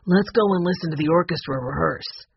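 A calm, reasonable teenage brother, read by a woman, low and husky on a dull, lo-fi audiobook recording. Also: a little fast, no room sound, heavily acted. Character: steady older brother, calm teen boy.

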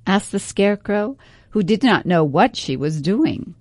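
A woman narrating a storybook in a calm, even manner. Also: medium pitch, unhurried, no room sound.

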